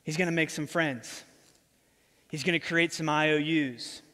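High-voiced male pastor preaching. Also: measured pace. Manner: animated, casual storytelling. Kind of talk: sermon. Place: church. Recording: reverberant church hall.

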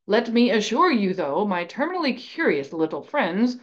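A menacing male wizard professor, as a woman reader puts him on. He issues threats in a slow, low, deliberate hush, cold and imperious rather than loud. The recording sounds a little dull and lo-fi. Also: sing-song. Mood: coldly menacing.

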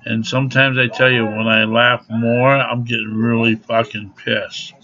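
Brief: male vlogger, slow and sharp-edged, profane angry rant with laughs, on a dull lo-fi recording. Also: mid-range voice, level tone. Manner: laughs through the anger. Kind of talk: ranting to camera.

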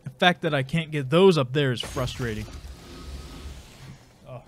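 A man's voice: mid-range voice, unhurried, soft background music. A man with a congested voice giving casual, rambling, self-mocking commentary while playing a video game. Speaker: gameplay commentator. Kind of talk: casual let's play commentary.

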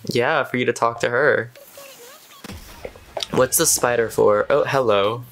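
A man's voice: medium pitch, steady tone, measured pace, long pauses, a bit bright, a little hiss or hum, low-quality recording. A man hosting a reaction video, chatting casually and exclaiming at what he watches.

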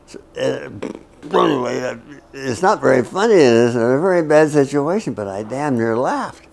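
Older male veteran, mid-range gravelly voice, candid wry storyteller. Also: mid-range voice, expressive, a little hiss or hum. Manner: wry, frank, halting with restarts. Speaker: interviewee, war veteran. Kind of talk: personal storytelling.

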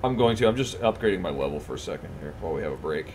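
Chatty male streamer with lively pitch. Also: very fast. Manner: chatty, laughs and mimics characters. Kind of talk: casual gaming commentary. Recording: stream audio with loud noise.

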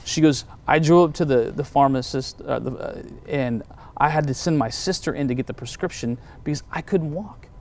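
A man, a pastor, telling personal testimony stories in a relaxed conversation, acting out the voices of the people he quotes. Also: on the high side, moderate pace. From United States.

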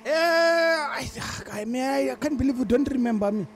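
A man's voice: very high-pitched, lively intonation, moderate pace, slight background noise. A man doing in-character game roleplay, talking in an indignant, theatrical way. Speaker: roleplay gamer playing his character.

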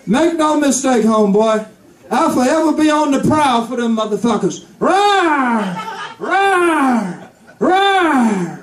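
A man's voice: extremely high pitch, moderate pace, noisy background. A man voicing a hungry, savage male lion who roars and laughs as he gloats, recorded in an echoey room from a distance. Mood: gloating roaring.

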